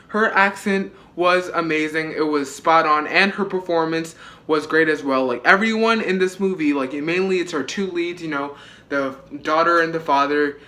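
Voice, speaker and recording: A man's voice: on the high side, normal speed, pushed and bright. A young man reviewing a movie in a casual vlog, chatty, with many fillers and frequent swearing.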